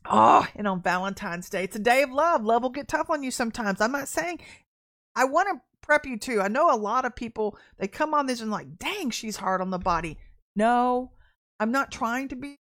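A middle-aged woman streaming her prophetic teaching to her viewers. She speaks bluntly and with animation, often doubling her phrases for emphasis, in a voice that sits somewhat high. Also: lively intonation, normal speed, a bit bright. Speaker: prophetic podcast host.

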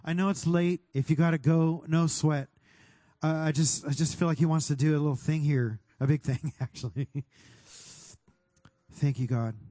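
A pastor leading a fervent prayer over his congregation, speaking directly to God and sometimes rising to a shout. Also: fairly high pitch, fairly even intonation, normal speed, no echo. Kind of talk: sermon prayer.

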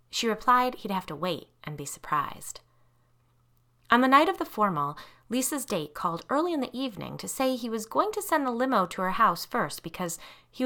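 A woman host reading a scripted ghost story aloud, with expressive narration that builds suspense. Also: medium pitch.

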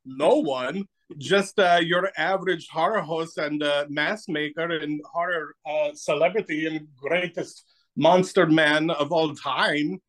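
High-voiced joking man on a video call. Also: fairly even intonation, unhurried, a bit bright. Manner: playful, rambling, self-mocking jokes. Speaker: guest, horror host and mask maker. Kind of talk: joking interview banter.

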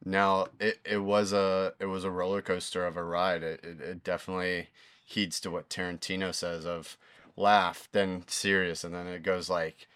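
Deep, smooth-voiced male guest. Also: little pitch movement, normal speed, a bit bright, no echo. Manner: enthusiastic, rambling. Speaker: guest filmmaker. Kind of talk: casual conversation.

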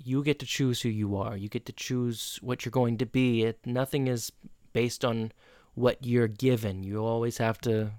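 Man with a smooth, dry voice. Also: mid-range voice, steady tone, moderate pace, darkish tone, no room sound. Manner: rambling, restarts sentences while retelling scenes. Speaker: podcast co-host. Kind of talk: casual episode recap chat.

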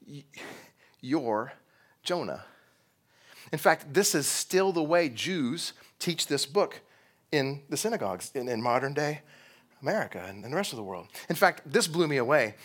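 A man's voice: a little high, moderate pace. A man from Texas preaching a sermon, telling a story with energy and asking his listeners questions. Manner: animated storytelling, asks the congregation questions. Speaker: pastor.

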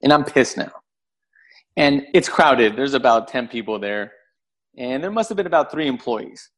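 A man, a podcast guest who tells a story in a casual, animated way, swearing freely and acting out the voices of the people in it. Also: medium pitch, moderate pace. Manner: animated, profane, acts out voices in his story.

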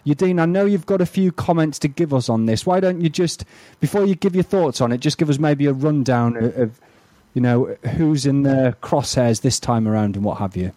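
A man's voice: mid-range voice, animated, normal speed, mellow, dry recording. A man hosting a tech podcast, chatting in a genial, joking way. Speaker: podcast host. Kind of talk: casual tech podcast chat.

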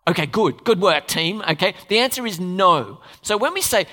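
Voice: medium pitch, sing-song, unhurried, few pauses, sharp tone. A preacher giving a sermon in a conversational way, asking the congregation questions and adding playful asides. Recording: long reverb of a large hall.

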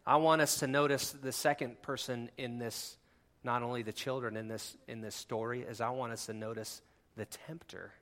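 A man preaching with a bright, forceful voice that drops to a hush and climbs to near-shouts. He talks to the congregation conversationally, slipping in asides between passionate points. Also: mid-range voice, fairly even intonation, normal speed, hardly any pauses. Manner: impassioned, swinging from hushed to near-shouting. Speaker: pastor. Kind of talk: sermon.

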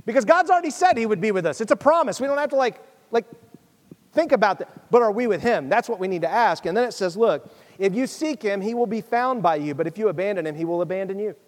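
A man's voice: high voice, animated, quick pace, in a large hall. A man preaching a sermon, reading scripture aloud and then pressing his listeners in a conversational, urgent way. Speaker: pastor.

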